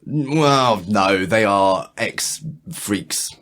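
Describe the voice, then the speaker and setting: A man co-hosting a podcast, chatting in a quick, dry, self-deprecating way. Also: fairly low pitch, animated, a bit bright. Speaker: podcast co-host. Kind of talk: casual chat.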